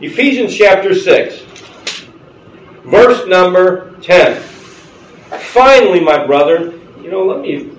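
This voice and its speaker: A pastor chats his way through a sermon, quizzing the congregation and laughing a lot as they sit in the sanctuary. His voice is high and expressive, and he speaks slowly with frequent pauses. Picked up by a faraway mic, the audio has a roomy church feel and a little background noise.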